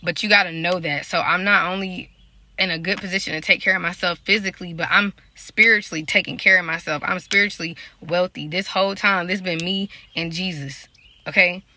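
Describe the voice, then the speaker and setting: A woman's voice: fairly low pitch, fairly even intonation, brisk, bright, forceful tone. A woman, talking casually to her viewers about faith and relationships. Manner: talks in a loose, conversational way, addressing viewers directly. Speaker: prophetic dreamer and life coach. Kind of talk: casual spiritual vlog talk.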